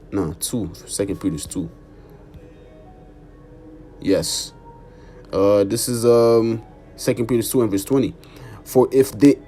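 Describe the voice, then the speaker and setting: A man's voice: medium pitch, darkish tone. A man preaching an informal sermon and reading scripture, emphatic, repeating "man" and cursing for emphasis. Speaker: street preacher.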